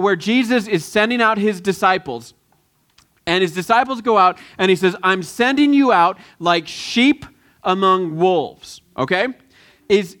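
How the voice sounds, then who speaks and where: A man giving a lively children's sermon, coaxing the kids to answer and join in. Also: sits high. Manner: lively, coaxing, quotes film lines with voices. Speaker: children's pastor.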